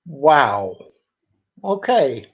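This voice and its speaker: A man's voice: a little high, very animated, extremely slow, husky. A man co-hosting a casual chat, dry and joking. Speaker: co-host. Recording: muffled lo-fi mic.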